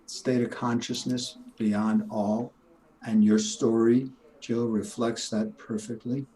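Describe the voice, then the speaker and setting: A man's voice: medium pitch, little pitch movement, slow, warm tone, rough recording. An older man, a retired chiropractor, talking in an emphatic, preachy way in a casual interview. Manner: emphatic, preachy, laughs at his own points.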